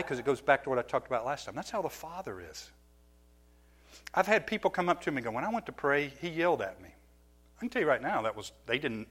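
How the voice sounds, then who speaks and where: A middle-aged man giving a sermon as a pastor, telling stories from his own life with lively, self-mocking laughter. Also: medium pitch. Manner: animated storytelling, laughing at himself.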